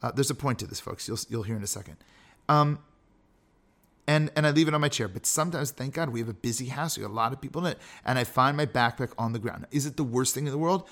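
A man's voice: mid-range voice, fast, a bit bright. A man hosting a podcast, teaching character ethics in a casual way, full of self-deprecating asides and rhetorical questions. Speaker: podcast host.

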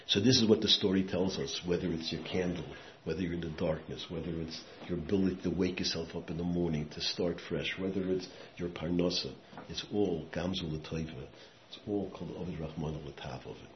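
A man with a very low voice delivers a sermon built around stories, sinking to a hush and then surging into loud, emphatic bursts. He mixes Yiddish and Hebrew words into his talk. The recording is echoey and muffled, with a faint hiss behind it. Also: a little fast, hardly any pauses. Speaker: rabbi giving a talk. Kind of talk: sermon with storytelling. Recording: echoey room, muffled sound, faint background noise.

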